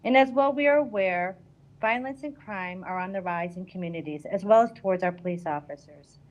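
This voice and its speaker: A woman's voice: medium pitch, brisk, lo-fi sound. Woman reading a prepared public comment. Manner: reads a prepared statement earnestly. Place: city council chamber.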